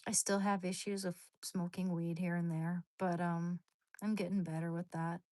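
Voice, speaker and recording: This woman hosts a livestream where she chats loosely with viewers, animated and slangy, breaking into sudden high squeals. She talks at a moderate pace with no room sound.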